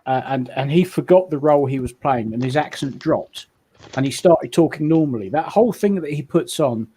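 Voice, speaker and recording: A man's voice: fairly high pitch, animated, moderate pace, dark tone, slightly rough. A man chatting casually on a stream panel, sweary and ranting, often stammering on restarts. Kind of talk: casual chat.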